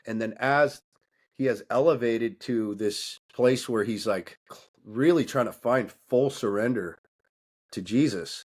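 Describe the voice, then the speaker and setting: On a candid podcast, a male coaching guest holds forth in a mid-range voice, keeping his pace measured. He comes across intense and blunt, swearing freely and sounding a bit like he's preaching.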